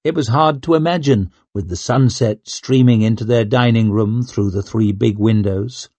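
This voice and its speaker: Husky male audiobook narrator. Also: on the low side, normal speed, warm tone, no room sound. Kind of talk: scripted narration.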